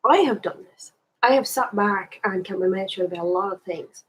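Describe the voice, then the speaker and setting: An Irish woman with a soft, breathy voice speaks to the camera in a loose, reflective monologue. She rambles candidly and restarts her sentences as she works her thoughts out aloud. Her pitch sits in an ordinary middle range. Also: normal speed, low-quality recording. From Ireland. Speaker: spiritual vlogger.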